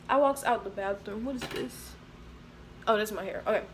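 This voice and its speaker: A young woman telling a storytime to her viewers, animated and slangy. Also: medium pitch, moderate pace, noisy background. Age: young adult. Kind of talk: casual storytime.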